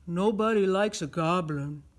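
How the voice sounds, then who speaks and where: A woman voicing a gloomy male hill troll in a read-aloud storybook, with a changed tone and a flat warning manner. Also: on the low side, a little slow, lightly acted.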